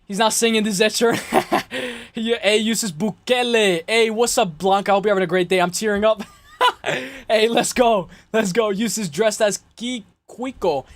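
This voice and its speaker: A young man with a high, slightly worn voice hosts a loose livestream, talking to his chat in slangy, rambling bursts and calling everyone "guys". He speaks close to the mic in a dry, dead room with no echo. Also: normal speed. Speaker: livestream host.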